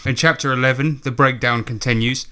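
A man's voice: medium pitch, steady tone, fairly quick, sharp tone, clear, resonant tone. A man co-hosting a podcast, reading a bad story aloud and mocking it with frequent laughter. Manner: laughing often, mocking and incredulous. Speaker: podcast co-host. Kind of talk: comedic reading and commentary.

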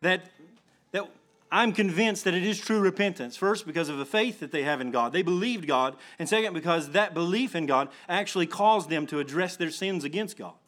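Male pastor preaching, highish voice, keeps restarting then hits it hard. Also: a bit bright. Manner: earnest preaching with many restarts and emphatic swells. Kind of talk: sermon.

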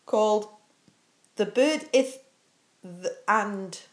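A woman's voice: medium pitch, extremely slow. A woman co-hosting a podcast in casual chat, giving short, mumbled answers. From Newcastle, England. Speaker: podcast co-host.

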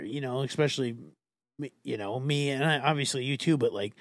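A young man hosting a podcast in casual chat, speaking softly and hesitantly. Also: medium pitch, quick pace, no echo, studio quality. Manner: hesitant, many fillers and restarts, soft-spoken. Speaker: podcast host.

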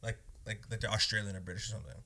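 A young man telling stories in a casual chat, animated and slangy, acting out what people said. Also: fairly low pitch, racing. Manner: animated, laughing, slangy, acts out quotes. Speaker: podcast co-host and food vendor.

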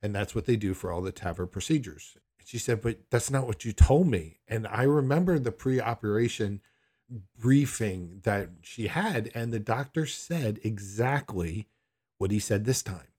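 A man's voice: fairly low pitch, lively intonation, moderate pace, a little mellow, slightly rough. A man telling a personal story in a candid, rambling way, often questioning himself. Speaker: son recounting a hospital visit.

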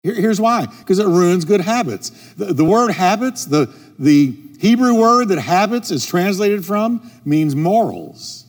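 A man's voice: sits high, animated, unhurried, few pauses. Emphatic male pastor preaching in a hall. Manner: emphatic preaching, repeats key phrases. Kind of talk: sermon. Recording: long reverb with soft music.

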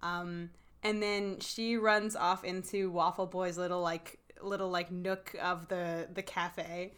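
A woman's voice: on the low side, level tone, slow, fairly bright tone, smooth. A woman co-hosting a casual chat, giggling often and rambling with lots of "like". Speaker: podcast co-host.

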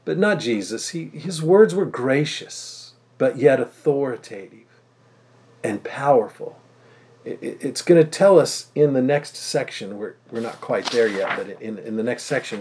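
A man's voice: medium pitch, a little mellow. Emphatic conversational male preacher. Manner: emphatic, slowing down to stress key phrases; acts out the crowd's doubting voices in quotes. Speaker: pastor. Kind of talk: conversational expository sermon.

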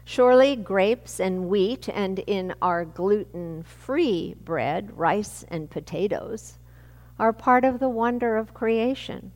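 A woman pastor giving a sermon with a measured, reflective delivery. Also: medium pitch, lively intonation, a little mellow, long reverb tail.

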